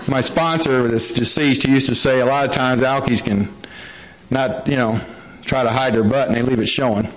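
A man's voice: medium pitch, fairly even intonation, moderate pace. Folksy man telling his recovery story. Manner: folksy storyteller, acts out quotes. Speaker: recovery meeting speaker. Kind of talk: personal recovery story at a meeting. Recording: dull lo-fi recording.

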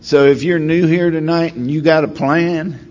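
A middle-aged man at a recovery meeting telling his story in a wry, self-deprecating way, rambling with many pauses. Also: a little high, darkish tone. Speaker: speaker sharing at a recovery meeting. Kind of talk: storytelling share. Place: meeting room. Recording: slightly dull recording with faint room noise.

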